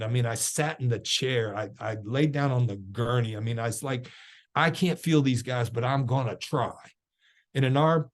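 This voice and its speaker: A man's voice: medium pitch, darkish tone. Man giving a heartfelt motivational talk. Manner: conversational storytelling, many rhetorical questions, says "man" often. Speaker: trainer and motivational speaker. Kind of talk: motivational talk on a video call. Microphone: video call.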